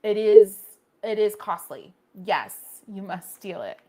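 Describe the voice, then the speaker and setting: A woman's voice: mid-range voice, very animated, takes it slowly, mellow. A woman hosting a casual painting livestream, chatting with viewers and reacting to their comments, often restarting her sentences.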